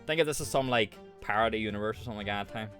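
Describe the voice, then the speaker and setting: An Irish man streaming a game, chatting casually in a lowish voice. He rambles, swears freely and laughs at himself, with faint game music underneath. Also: rapid-fire, fairly bright tone. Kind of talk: casual gaming chat.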